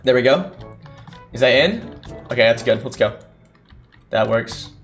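A young man giving casual live commentary on a football game he is playing, thinking aloud and breaking into excited shouts. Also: medium pitch, measured pace, faint music behind. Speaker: gaming streamer. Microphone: desk mic without a condenser.

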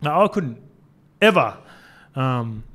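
A man's voice: mid-range voice, big pitch swings, takes it slowly, fairly bright tone. A man co-hosting a casual sports podcast as a former player, agreeable and telling stories from his playing days, with occasional swearing. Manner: agreeable storyteller, frequent restarts and fillers, occasional swearing. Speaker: former rugby league player, podcast co-host.

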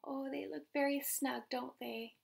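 A woman who teaches in a children's ministry reads a picture book aloud to young kids, gentle and animated, pausing to chat with them about the pictures. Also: sits high, gravelly, far from the mic.

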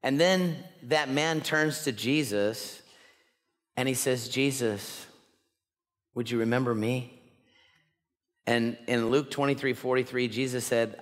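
A pastor preaching a sermon in an earnest, emphatic way, slowing down to stress key words. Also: male voice, medium pitch. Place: church sanctuary. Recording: long hall reverb.

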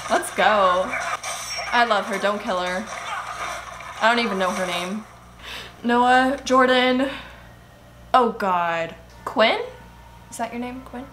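A young woman hosting a reaction video, chattering excitedly and gasping at what she watches. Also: mid-range voice, measured pace, pauses often, over music. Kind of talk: casual reaction commentary.

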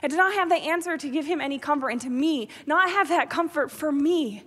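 A woman from New York delivers a devotional address with a bright, high voice. Her storytelling is emotional, rising to loud pleading and dropping to near-whispers. The sound carries a long reverb from a large theater. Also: brisk. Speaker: public speaker.

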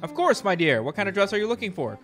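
A man's voice: sits high, sing-song, quick pace, fairly bright tone, soft background music, voice pushed up. A man voicing a courteous, eager male dressmaker, reading game dialogue aloud politely. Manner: polite and welcoming.

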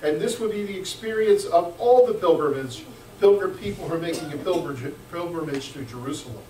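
Joking pastor in an echoey church. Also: male voice, a little high, brisk, a little hiss or hum. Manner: lively, joking, swings between hushed asides and loud bursts. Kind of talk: sermon. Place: church sanctuary. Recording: echoey church room, mic at a distance.

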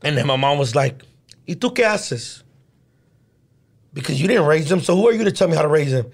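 A man's voice: a little high, racing, gravelly. A man co-hosting a podcast, telling stories in a loose, slangy way and dropping Spanish phrases now and then. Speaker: podcast co-host. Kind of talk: casual chat. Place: podcast studio.

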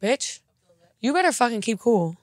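A young woman hosting a comedy podcast, chatting casually and jokily, quick to laugh and to slip into silly voices. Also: on the high side, very animated, dry recording. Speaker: podcast host.

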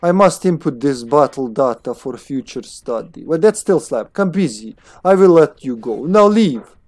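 A man's voice: medium pitch, big pitch swings, slow pace, creaky, mellow, no room sound, exaggerated voice. A man voicing a brusque, busy female scientist in a game, stiff and clipped with a put-on foreign accent. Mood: curt. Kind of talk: reading game dialogue in voices.

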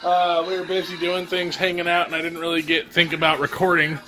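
High-voiced young man vlogging. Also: flat delivery, fairly quick, loud music behind the voice. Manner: loose and chatty, with frequent "uh" fillers. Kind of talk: casual vlog chat. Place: home and car.

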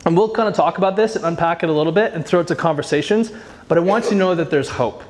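Male youth ministry leader, higher register, easygoing conference-talk delivery, playful storyteller who acts out the quotes. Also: fast talker. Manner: chatty storyteller, acts out quoted voices, frequent "like"; self-deprecating humor. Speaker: youth ministry director speaking at a workshop. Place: live conference workshop.

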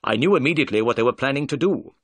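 A clever, confident detective from a storybook, voiced by a man in a brisk, assured tone. His pitch moves in lively swings, and the recording is dry with no room sound. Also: no room sound.

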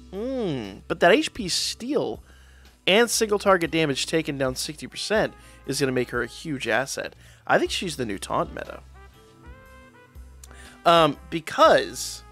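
Here the gaming YouTuber's voice is medium-pitched and a bit bright. Reviewing mobile game units in a relaxed way, he reads the stats out loud and keeps correcting himself.

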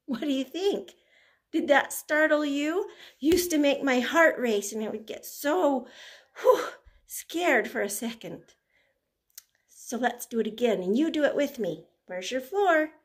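An older woman, a grandmother, leading a toddler through finger plays and songs, talking gently and breaking into simple tunes. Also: high voice, animated, unhurried. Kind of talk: gentle children's sing-along lesson.

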